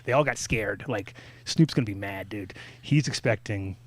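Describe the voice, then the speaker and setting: A man's voice: on the low side, moderate pace. A man telling a long story in casual talk-show chat, rambling and swearing as he acts out what people said. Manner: rambling, profane, acts out quoted voices.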